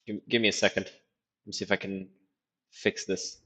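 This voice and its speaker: A man giving loose, profane commentary while streaming a video game, thinking out loud as he plays. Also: deep voice, flat delivery, normal speed. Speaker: gaming streamer. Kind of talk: casual gameplay commentary.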